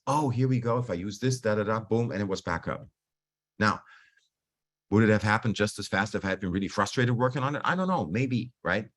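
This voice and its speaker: A man coaching a group on stress in a relaxed, conversational way over a video call, often restarting his sentences and acting out his own inner dialogue. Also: on the low side. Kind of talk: online talk on stress.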